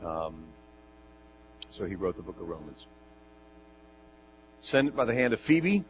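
A man preaching a sermon, reading scripture with animated, jokey asides and rhetorical questions. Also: low voice, measured pace. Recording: dull lo-fi sound with mains hum.

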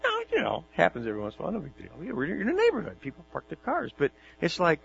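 Lively-pitched man preaching conversationally. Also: fast talker, vocal fry, few pauses. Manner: conversational storytelling, animated and repetitive. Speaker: pastor. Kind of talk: sermon. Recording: dull recording with faint mains hum.

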